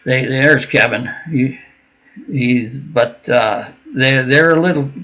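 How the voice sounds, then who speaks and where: Speaking slowly at medium pitch with a sharp tone, an older veteran from Minnesota tells long stories in a casual interview. He rambles with frequent fillers and restarts, and the recording is rough.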